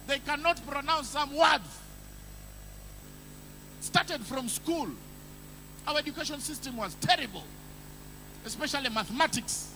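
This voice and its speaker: Ugandan male stand-up, very high and lively voice, bright tone, playful storyteller. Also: slight background noise. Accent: Ugandan English. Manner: playful storytelling, quick bursts of shouted impressions. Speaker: stand-up comedian. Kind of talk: stand-up comedy.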